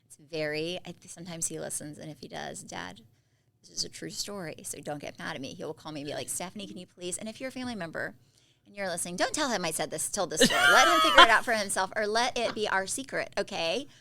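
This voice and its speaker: A woman's voice: lowish voice, quick pace, vocal fry. A woman co-hosting a podcast in casual chat, telling family stories and acting out what people said. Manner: animated storyteller who acts out quoted family members. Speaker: podcast co-host.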